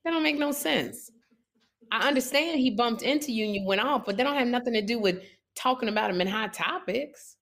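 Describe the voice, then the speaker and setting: A woman's voice: on the high side, lively intonation, fairly quick, vocal fry, a bit bright, slight background noise. A woman co-host in casual chat, speaking firmly and explaining her view.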